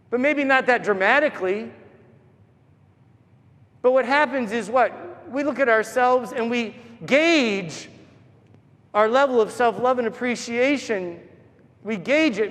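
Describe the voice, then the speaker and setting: A man's voice: very high-pitched, a bit bright. A man preaching a sermon as a priest, telling stories and acting out the voices he quotes. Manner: storytelling, acts out the voices he quotes. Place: large church. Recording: long church reverb.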